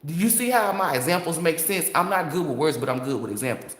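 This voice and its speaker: A woman's voice: sits low, animated, fast talker. Blunt, profane woman with roomy echo. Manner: blunt, profane, fired-up storytelling with rhetorical asides. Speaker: tarot reader. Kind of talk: casual unscripted monologue to viewers.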